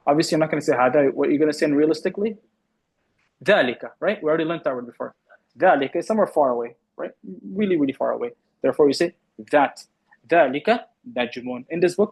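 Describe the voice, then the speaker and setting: A man teaching an Arabic class to students in the room and online, patiently repeating words slowly. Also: on the high side, slightly rough, low-quality recording.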